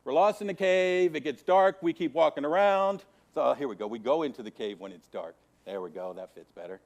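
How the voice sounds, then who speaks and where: A man teaching Sunday school, preaching with a repetitive, emphatic cadence and dramatic swings from hushed to loud. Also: on the high side, a little fast, hardly any pauses. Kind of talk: Bible teaching to a congregation.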